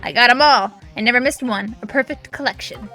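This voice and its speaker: A woman's voice: on the high side, brisk, bright, forceful tone. Girl voicing a showoff schoolboy fan, eager, faint music under it. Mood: bragging. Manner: bragging, eager. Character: boastful grade-school boy superhero fan.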